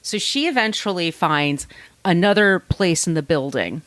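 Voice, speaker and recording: A woman podcast host telling a true-crime story in a casual, animated way, often acting out what people said and swearing freely. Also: lowish voice, moderate pace, dry recording. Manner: chatty, animated, acts out quotes, swears freely.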